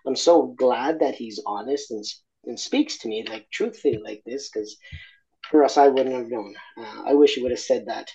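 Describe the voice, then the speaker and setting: A man from Argentina talks through his experiences in a candid interview, reflective and open, often restarting his sentences. His voice sits in an ordinary middle pitch. The recording sounds slightly dull and lo-fi. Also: normal speed, warm tone, slight background noise. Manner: reflective, honest, many fillers and restarts. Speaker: interview guest.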